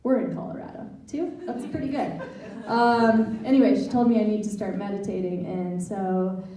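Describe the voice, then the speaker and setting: A woman's voice: mid-range voice, steady tone, moderate pace, warm tone. A woman doing a stand-up set, with awkward, self-deprecating humor and nervous laughs. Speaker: guest stand-up comic. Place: library event room with live audience. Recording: echoey room miked from far off, faint noise.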